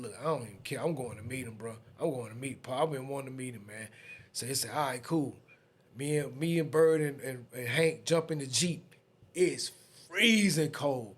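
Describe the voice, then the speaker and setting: Husky Southern man telling a story. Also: fairly high pitch. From Atlanta, USA. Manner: lively storyteller acting out others' voices. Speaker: podcast guest. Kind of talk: casual storytelling.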